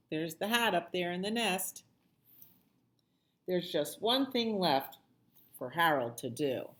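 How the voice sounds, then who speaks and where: Slow sing-song librarian woman. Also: fairly low pitch, expressive, slight background noise. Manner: slow, sing-song, with soft asides to the children. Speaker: children's librarian. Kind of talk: reading a picture book aloud to children.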